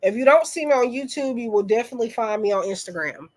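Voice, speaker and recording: A woman hosting a tarot livestream and chatting casually with viewers in a sick, under-the-weather voice, halting and reflective, often trailing off. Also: fairly high pitch, lively intonation. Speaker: tarot reader and livestream host.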